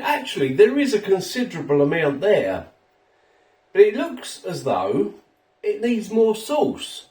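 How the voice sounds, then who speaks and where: A man's voice: high voice, darkish tone, echoey room, recorded from a distance. A man reviewing a ready meal at home, chatty and self-mocking, a little tipsy after a few drinks. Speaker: food reviewer. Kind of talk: casual food review vlog. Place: home kitchen.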